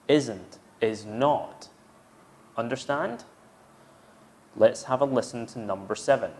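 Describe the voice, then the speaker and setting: A man's voice: medium pitch, slow pace, pauses often, a little mellow. A man teaching an English grammar lesson, explaining step by step and repeating each example sentence. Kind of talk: slow, patient grammar lesson.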